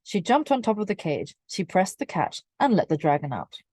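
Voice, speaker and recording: A woman reading a children's picture book aloud in a clear, measured way. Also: lowish voice, big pitch swings, a little mellow, no room sound. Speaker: storyteller.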